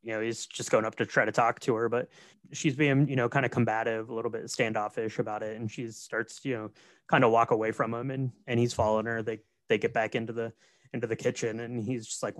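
A man chatting casually, relaxed and quiet, taking his turn to recap a film. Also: mid-range voice, fast talker, no echo. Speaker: podcast co-host. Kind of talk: casual chat.

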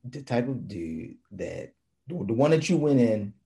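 Animated, teasing man with a northern accent. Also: medium pitch, unhurried, gravelly. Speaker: podcast co-host. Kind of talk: casual chat.

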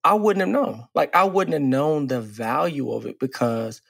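A man in his forties, co-hosting a casual podcast as a relationship coach. He talks earnestly and reflectively, drawing out key phrases slowly. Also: mid-range voice, creaky, a bit bright, husky, dry recording, clean studio sound.

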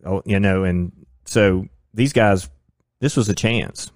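A middle-aged man co-hosting a casual sports chat, talking in a relaxed, conversational way. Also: sits low, takes it slowly, dry recording, clean studio sound. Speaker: podcast co-host.

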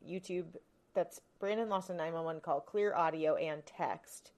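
A woman's voice: fairly low pitch, a little slow, a little mellow. A woman co-hosting a true-crime podcast, chatting casually and reacting with alarm. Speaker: podcast co-host.

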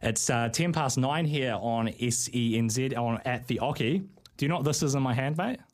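A man's voice: medium pitch, moderate pace. A man hosting a sports radio show, upbeat and chatty with callers in the studio. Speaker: radio host.

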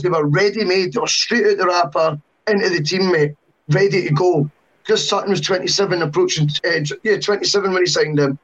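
A man on a football podcast, giving long, animated opinions with self-mocking asides. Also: sits high. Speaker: podcast panelist. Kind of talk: casual football podcast chat. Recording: dull lo-fi sound.

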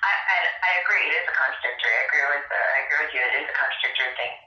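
A woman's voice: extremely low pitch, racing, reverberant, muffled recording. A woman co-hosting a casual podcast, emphatic and repeating her points. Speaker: podcast co-host. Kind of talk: casual political chat.

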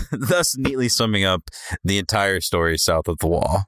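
A man's voice: low voice, lively intonation, moderate pace, fairly bright tone, clean tone, no echo. A man co-hosting a casual podcast, reading listener messages aloud and teasing his co-hosts with frequent laughs. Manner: laughs often, playful teasing. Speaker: podcast co-host.

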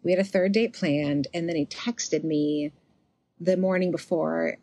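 A young woman chats on a podcast, a little low in pitch. She tells her stories with quick sarcastic asides and animated swings in her voice. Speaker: podcast co-host. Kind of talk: casual chat.

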